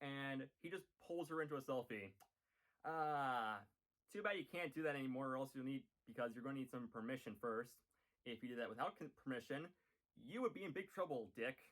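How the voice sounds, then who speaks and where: A man's voice: mid-range voice, lively intonation, fairly quick, fairly bright tone. A man talking casually about cartoon episodes he watched, rambling and joking with lots of fillers. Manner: rambling, jokey, many fillers. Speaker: vlogger reviewing a cartoon series.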